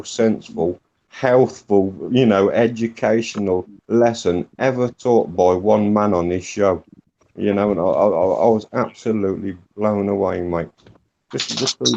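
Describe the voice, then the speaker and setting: A man with a deep, gravelly voice talks earnestly and emphatically, piling words one after another. His tone is dark and mellow. The audio is dull and lo-fi. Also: a little hiss or hum. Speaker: guest. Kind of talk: casual chat.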